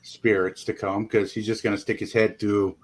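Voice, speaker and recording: In a lowish voice with flat delivery, a man who investigates the paranormal rambles folksily through a casual interview as a guest, often plugging pauses with "you know."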